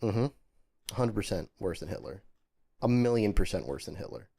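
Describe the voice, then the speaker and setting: A man co-hosting a casual comedy podcast, teasing his friend with deadpan insults. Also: lowish voice, normal speed, vocal fry, a little hiss or hum. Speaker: podcast co-host.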